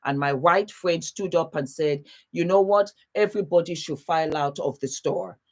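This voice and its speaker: A woman hosting a casual live stream, greeting viewers warmly by place and laughing often as she chats. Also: sits low, moderate pace. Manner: warm, chatty, calls viewers baby and beautiful. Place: home, seated.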